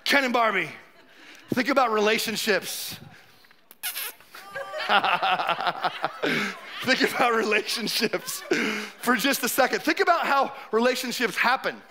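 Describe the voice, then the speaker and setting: A pastor in his forties preaching a loose, joking sermon. His voice sits very high for a man and rings bright and forceful. He keeps slipping into playful little acted-out scenes. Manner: conversational, joking, acts out quotes.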